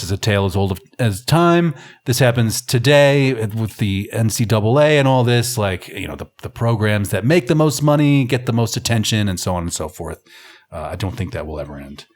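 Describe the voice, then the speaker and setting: A man hosting a film podcast, giving casual, wry and rambling commentary. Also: fairly low pitch. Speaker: podcast host.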